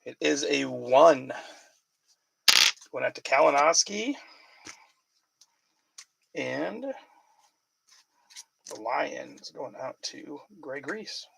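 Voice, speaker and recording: Gravelly man chatting through a card break. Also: medium pitch, drawn-out words, pauses often, background noise. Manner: chatty, calls out player names while reading questions from viewers. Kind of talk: casual live card-break chat.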